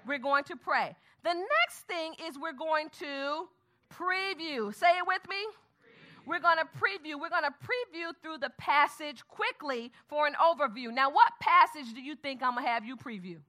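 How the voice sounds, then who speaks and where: A woman teaching a Bible study method, prompting her audience with questions and murmuring softly as she skims the passage. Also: high-pitched, normal speed. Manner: call-and-response questions to the audience; murmurs softly while skimming the text aloud.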